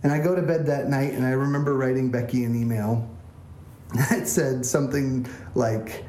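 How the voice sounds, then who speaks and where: A man's voice: mid-range voice, steady tone, normal speed, warm tone, a little hiss or hum. A man, a pastor, telling a self-deprecating story as a sermon in a church. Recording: echoey church room.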